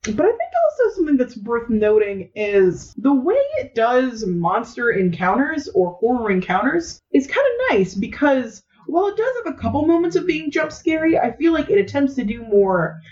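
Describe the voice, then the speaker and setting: Woman podcast host, animated and lively in pitch, dull lo-fi sound. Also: moderate pace, few pauses. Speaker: podcast host reviewing a film. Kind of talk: casual chat.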